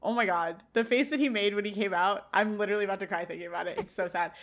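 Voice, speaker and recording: A woman's voice: medium pitch, fast talker. A woman co-hosting a podcast, recapping an episode scene by scene and reacting emotionally with many restarts. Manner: emotional, gushing, trailing restarts. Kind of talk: casual chat and scene recap.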